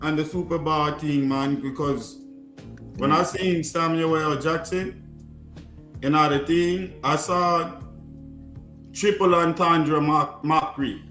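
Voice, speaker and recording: A man's voice: on the high side, steady tone, slow pace, fairly bright tone, roomy sound, faint music behind. A man calling into a live talk stream, insisting on explaining his point. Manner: patois phrasing, insistent and explanatory. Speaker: caller. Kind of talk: call-in discussion.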